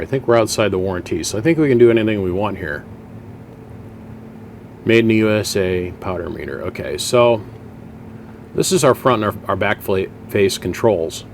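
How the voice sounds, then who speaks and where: A man's voice: lowish voice, a little hiss or hum. A man in his home workshop, talking through radio gear in a folksy, chatty way and thinking aloud as he explains. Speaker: radio equipment hobbyist. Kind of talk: casual workshop vlog.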